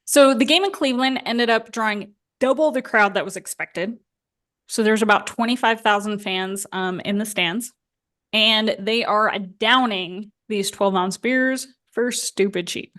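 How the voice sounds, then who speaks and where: A woman's voice: medium pitch, a little slow, fairly bright tone. A woman in her thirties co-hosting a podcast, telling a story in a chatty, casual way and laughing along. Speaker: podcast co-host.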